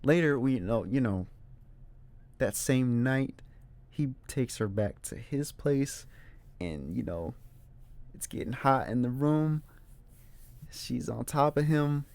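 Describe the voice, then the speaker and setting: A man's voice: medium pitch, slow, pauses often. A young adult man hosting his own movie show, casually and animatedly retelling scenes from a film. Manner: animated retelling, acts out character quotes. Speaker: movie reviewer host.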